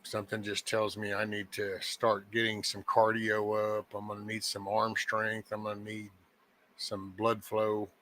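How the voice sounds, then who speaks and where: A man's voice: lowish voice, monotone, measured pace, sharp tone. A man hosting a casual morning chat show who talks in a folksy, meandering, joking way. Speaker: host of a daily live show.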